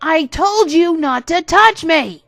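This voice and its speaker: A furious young woman student, played by the narrator, shouts at a classmate. Her voice climbs high and loud and drifts off the mic. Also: normal speed, dry recording, natural voice. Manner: shouting angrily, far from the mic.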